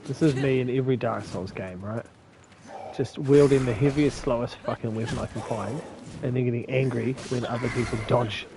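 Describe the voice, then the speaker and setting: A man's voice: mid-range voice, fairly even intonation, moderate pace, noisy background. A man from New with a slight lisp, mumbling and laughing through casual, profane commentary as he streams a game. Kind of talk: casual live gameplay commentary.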